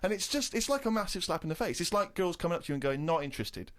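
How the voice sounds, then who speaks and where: An English man in his thirties on a casual comedy podcast, telling an indignant anecdote with animated storytelling. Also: sits high, very fast. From England.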